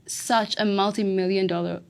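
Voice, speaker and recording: A woman's voice: medium pitch, fairly even intonation, moderate pace, gravelly, clear, resonant tone. A woman from Sri Lanka answering a speaking test question, fluent and opinionated. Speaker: test candidate. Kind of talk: spoken exam answer.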